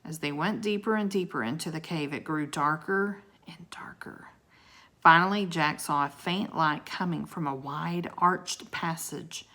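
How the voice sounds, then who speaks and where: A woman's voice: low-pitched, normal speed, few pauses, pushed and bright. A woman reading a children's book aloud, with chatty asides to her listeners. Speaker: storybook reader.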